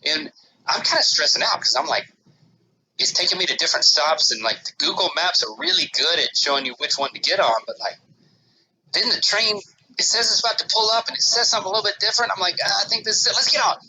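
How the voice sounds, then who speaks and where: A man co-hosting a casual podcast talks in a bright, sharp, somewhat high voice that swings widely in pitch. He rambles through his story with restarts and fillers. He bursts into loud reenactments of his own panicked words. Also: quick pace, a little hiss or hum, poor audio. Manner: animated, acts out his own panicked quotes loudly. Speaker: podcast co-host.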